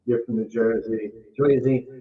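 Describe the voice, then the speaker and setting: A man from Massachusetts co-hosting a casual real estate chat, emphatic and quick to agree. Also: medium pitch, fairly even intonation, narrow, tinny audio. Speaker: real estate agent, co-host.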